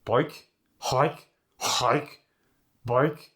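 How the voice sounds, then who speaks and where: A man's voice: medium pitch, a bit bright. A Scottish man demonstrating the pronunciation of single words one at a time for an accent lesson. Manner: slow, drawn-out single-word examples.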